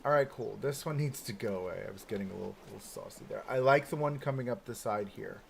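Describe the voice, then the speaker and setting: A man's voice: lowish voice, quick pace, vocal fry, a little hiss or hum. Chatty man thinking aloud while streaming. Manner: chatty, thinking aloud with many "like"s and rhetorical "right?". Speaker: streamer building a theme park. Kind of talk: casual live-stream commentary.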